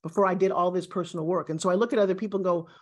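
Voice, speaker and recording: Emphatic woman in her sixties, low voice. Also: very fast. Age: 60s. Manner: emphatic, animated, self-assured. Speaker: guest. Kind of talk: motivational interview talk.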